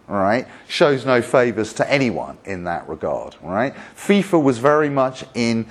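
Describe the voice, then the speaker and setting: A man from Britain lectures on history, his pitch rising and falling widely as he builds each point. He talks emphatically, pausing on rhetorical questions and asides, in the manner of a seasoned lecturer telling a story.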